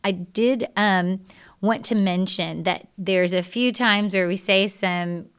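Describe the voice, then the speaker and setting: A woman's voice: mid-range voice, takes it slowly, smooth. A woman from Texas with a Texas accent, hosting a podcast in a chatty, laughing manner. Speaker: podcast host. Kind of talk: casual interview.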